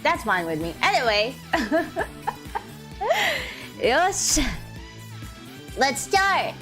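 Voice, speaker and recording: A young woman streaming a game, chatting playfully, giggling often and reading game text aloud, her voice a little deep from just waking up. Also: very animated, drawn-out words, sharp tone. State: slightly deep morning voice. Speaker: VTuber streamer. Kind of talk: casual live-stream chat. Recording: faint music behind.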